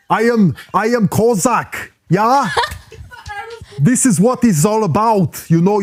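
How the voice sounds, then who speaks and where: Brief: a man doing a jokey, overplayed mock German guy, lively pitch. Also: clear, resonant tone, natural voice. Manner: laughing, apologetic. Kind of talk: comic accent impression.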